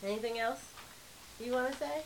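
A woman interviewer asking brief, relaxed questions in a research interview. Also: a little high, moderate pace, low-quality recording. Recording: hissy tape recording.

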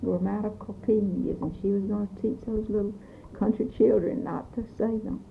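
Woman with a gravelly voice, says phrases slow and careful, tinny tape hiss. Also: medium pitch, fairly even intonation. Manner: slow, deliberate repetition of phrases. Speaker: interviewee giving speech samples. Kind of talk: speech elicitation interview.

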